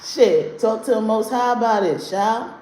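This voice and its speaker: Her voice is a little high and mellow, and she speaks unhurriedly. Running a card-reading livestream, she's blunt and profane, regularly ranting at the people in her chat, heard through a roomy echo with faint background noise.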